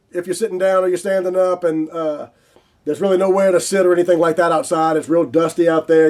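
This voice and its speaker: Host, male, Southern drawl, high voice, lively storyteller who acts out the dialogue. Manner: animated, laughs often and acts out quoted dialogue. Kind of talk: casual spoken storytelling.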